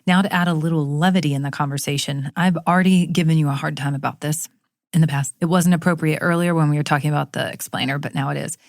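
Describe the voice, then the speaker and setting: Low-voiced playful woman co-host, East Tennessee accent. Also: fairly even intonation, fast, no echo, clean studio sound. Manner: playful, teasing banter. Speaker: podcast co-host. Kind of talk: casual news discussion.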